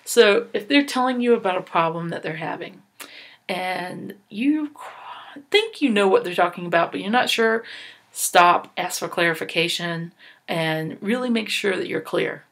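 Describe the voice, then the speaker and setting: A woman's voice: fairly low pitch, measured pace, fairly bright tone. A woman presenting a training session for volunteers, earnest and instructive, with a few fillers and restarts.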